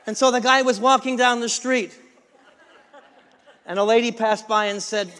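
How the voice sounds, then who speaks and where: A man's voice: extremely high pitch, fairly even intonation, moderate pace, long pauses, fairly bright tone, clear, resonant tone. A male pastor giving a sermon, leading the congregation in reading lines together and repeating key phrases. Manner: call-and-response preaching with repeated lines. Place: church sanctuary. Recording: long reverb of a church sanctuary.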